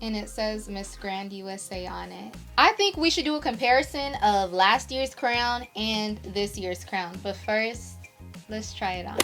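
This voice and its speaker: Young adult woman, pageant queen vlogger; gushing, emotional, sharp bright tone. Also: mid-range voice, expressive, measured pace, faint music behind. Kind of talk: casual unboxing vlog.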